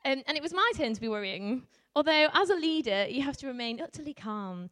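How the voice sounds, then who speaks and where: High-pitched yorkshire woman telling a funny story to a crowd, lots of ums, echoing hall. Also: brisk, hardly any pauses. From Yorkshire, England. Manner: animated, laughing, many ums. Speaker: youth worker telling a story to an audience. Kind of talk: storytelling speech to a live audience. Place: hall with a live audience. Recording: reverberant hall.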